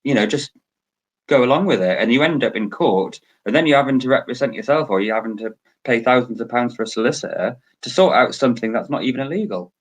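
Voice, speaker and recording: A man's voice: medium pitch, animated, quick pace, poor audio. A man, a podcast guest, explaining earnestly in casual chat.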